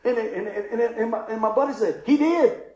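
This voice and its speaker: High-voiced laughing pastor, echoey room. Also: male voice, fairly quick, dull audio. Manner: chuckling, animated storyteller acting out the people he quotes. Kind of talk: storytelling sermon.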